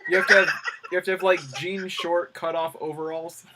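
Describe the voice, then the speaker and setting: A man with a slightly raised pitch trades jokes on a live stream, laughing often. Clear hiss and clicks sit under his voice. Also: level tone, brisk. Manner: laughing, joking banter. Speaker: live stream co-host, comedian. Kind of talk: casual chat. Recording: noisy stream audio with clicks.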